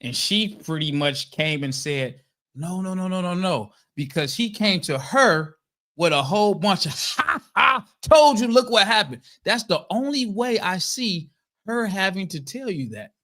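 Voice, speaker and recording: A man's voice: high-pitched, animated, unhurried, bright, forceful tone. Teasing man full of "you know". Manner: teasing, filler-heavy, keeps saying "you know". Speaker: podcast co-host. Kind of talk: casual podcast banter.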